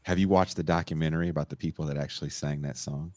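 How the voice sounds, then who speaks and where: Deep-voiced laid-back male podcast host. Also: fairly even intonation, fast talker, darkish tone, no echo. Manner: laid-back, laughs often, profane. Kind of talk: casual podcast chat.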